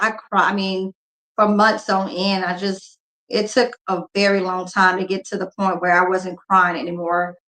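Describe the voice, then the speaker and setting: A woman in her forties who runs a couponing channel chats casually and candidly with viewers about her grief, sounding subdued and emotional. Her voice is medium in pitch with a fairly bright tone, recorded in an echoey room.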